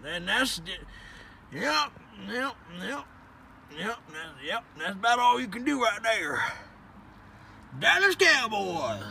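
A man's voice: fairly high pitch, sing-song, takes it slowly, gravelly, long pauses, sharp tone, a little hiss or hum. A man doing an absurd rambling comedy monologue, hollering and drawing out words between lots of fillers.

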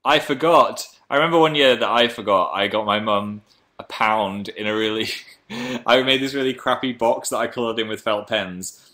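A man's voice: fairly low pitch, normal speed, pushed and bright. A man hosting a casual livestream, chatting playfully and reading viewer comments aloud. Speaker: livestream host.

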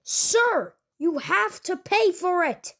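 A woman voicing a squeaky, nervous young fast-food cashier who stammers and gets flustered. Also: expressive, a bit bright, heavily acted.

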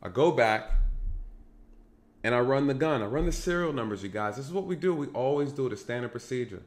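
A man's voice: mid-range voice, expressive, a little fast. A man recounting police work in casual storytelling straight to viewers, repeating phrases for emphasis.

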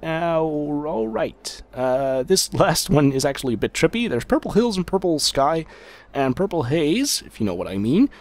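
A man's voice: on the high side, very animated, moderate pace. A man giving casual gameplay commentary as a let's-play host, rambling and joking with lots of filler hesitations.

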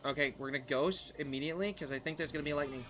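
A man streaming a racing game live, chatting with his viewers in an excitable, talkative way and laughing often. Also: a little high, very fast, slight background noise. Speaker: gaming streamer. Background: faint background music.

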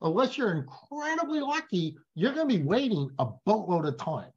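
A man speaks as a guest in a casual interview. He tells stories with animated emphasis. His audio sounds a little dull and muffled. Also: high voice, moderate pace, slightly rough. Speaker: guest, business professor.

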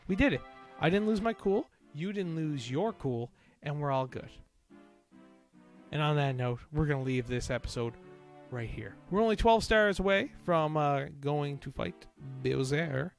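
Man, gravelly voice, lively swinging pitch, let's play commentary, swearing in frustration, faint game music behind. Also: measured pace. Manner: swears and erupts in frustration, then talks himself down. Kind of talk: gameplay commentary. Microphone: desk microphone.

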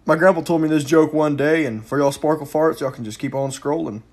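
A man's voice: fairly high pitch, steady tone, brisk. A man casually telling a joke in a laid-back, drawling storyteller manner.

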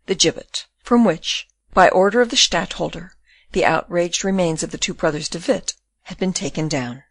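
A woman reading a classic novel aloud as an audiobook narrator, in a measured, expressive way. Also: lowish voice, no echo.

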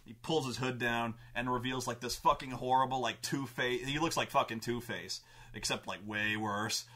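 A man's voice: medium pitch, steady tone, normal speed, sharp tone. A man telling a rambling, profane story about a tabletop campaign he ran as game master.

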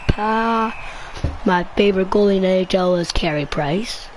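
A man giving excited commentary while playing a video game, trash-talking the players on screen. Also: sits high, slow, a little hiss or hum.

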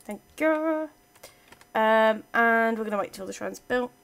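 A woman's voice: fairly high pitch, expressive, a little slow, creaky, a bit bright. A woman giving casual let's-play commentary, chatting playfully to her game units as she plays. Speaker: gaming channel host.

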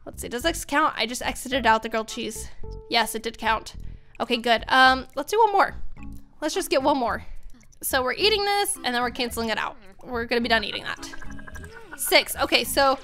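A woman's voice: fairly high pitch, moderate pace, sharp tone, faint music behind. A woman hosting a gaming channel, chatting to viewers in let's-play commentary.

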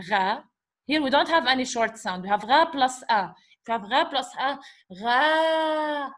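A woman teacher, her voice sitting a little high. She walks learners through sounds patiently, repeating syllables slowly and checking in with questions. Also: fairly bright tone. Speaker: Arabic teacher. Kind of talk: teaching an Arabic letter lesson in English.

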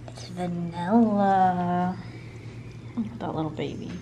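A woman vlogger in a cat café, cooing at the cats in soft pet talk that often drops to a whisper. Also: lowish voice, slow pace, a little hiss or hum. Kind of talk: casual talk to pets.

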